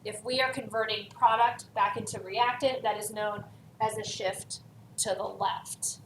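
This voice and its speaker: This chemistry teacher speaks in a mid-range voice with a steady tone, moving a little slowly as she goes through a worksheet in a recorded lesson and leans on key words. Her voice comes from far off in an echoey space over a faint hiss.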